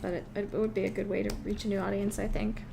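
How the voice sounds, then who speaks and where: A woman's voice: medium pitch, little pitch movement, quick pace, gravelly, background noise. Giggly woman chatting on a live stream. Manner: giggly and rambling. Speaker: game developer streaming live. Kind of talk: casual live-stream chat.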